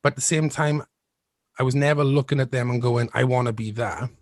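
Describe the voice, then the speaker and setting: A man in his thirties rambles happily through a story, stumbling and restarting as he goes. His voice sits at an average pitch, recorded close and dry. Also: steady tone, a little fast, no room sound. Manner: rambling, restarts often, laughs through stories. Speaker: musician guest. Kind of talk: casual storytelling interview.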